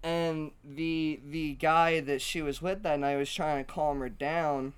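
A man co-hosting a casual podcast, telling a bar story in an animated, laughing way and swearing freely. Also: on the high side, slow pace, smooth. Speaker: podcast co-host.

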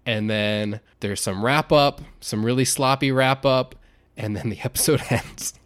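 A young adult man co-hosting a podcast, casually chatting and retelling scenes with lively acted-out quotes. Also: medium pitch, measured pace, smooth. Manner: animated storyteller, acts out quotes with shouts. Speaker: podcast co-host.

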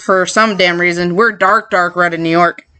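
A woman co-hosting a casual podcast chat, profane and quick to laugh, often trailing off mid-thought. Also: fairly low pitch, steady tone, crowd noise. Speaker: podcast co-host.

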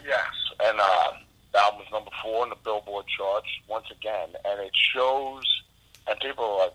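A man's voice: fairly low pitch, steady tone, moderate pace, a bit bright, low-quality recording. A man being interviewed as a musician, telling rambling, profane anecdotes full of fillers. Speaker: guest musician. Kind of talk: casual storytelling interview.

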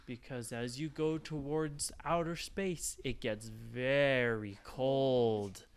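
Woman in her thirties, parent telling a bedtime story; slow, expressive, playful. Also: very deep voice, clean tone. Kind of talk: made-up bedtime story to children.

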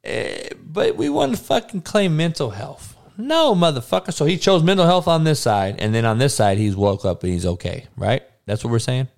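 A man's voice: medium pitch, big pitch swings, moderate pace, creaky, hardly any pauses. A man in a crude, heated casual rant, swearing constantly.

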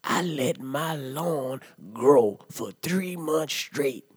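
A man playing a rowdy, profane drunk uncle in a comedy monologue, ranting loudly and then dropping to low mutters. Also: drawn-out words, slightly rough, dry recording, clean studio sound, heavily acted. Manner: loud profane rant, swings to low mutters. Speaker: comedy podcast character.

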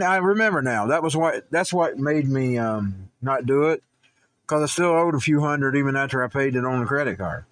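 A man's voice: medium pitch, fairly bright tone. A man who hosts a political talk show, rambling through personal stories and news commentary, stumbling and restarting, and growing heated.

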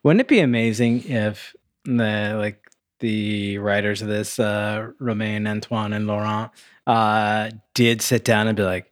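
A man's voice: lowish voice, steady tone, a little slow, no room sound, studio quality. A man co-hosting a casual movie review podcast, making wry joking asides. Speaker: podcast co-host.

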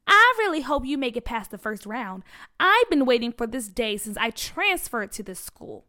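An earnest fifth-grade girl, hopeful and sincere, with a fairly high voice, as a woman storyteller puts her on. She speaks in a children's storybook reading. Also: sing-song, moderate pace, pushed and bright.

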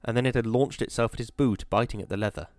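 A man reading an audiobook in a measured, atmospheric storytelling manner. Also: mid-range voice, a little mellow, dry recording. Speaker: narrator. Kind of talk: audiobook narration.

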